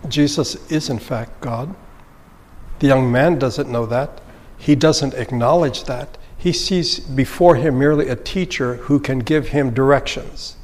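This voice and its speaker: A man giving a thoughtful, measured Bible lesson, explaining a passage with occasional restarts. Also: medium pitch, darkish tone, long reverb tail. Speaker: Bible teacher. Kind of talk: lecture-style Bible teaching.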